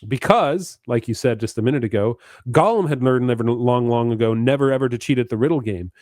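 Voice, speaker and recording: A podcast co-host talks eagerly about a book in a casual discussion, frequently stammering and restarting. His mid-range voice is brisk with a darkish tone, recorded dry with clean studio sound.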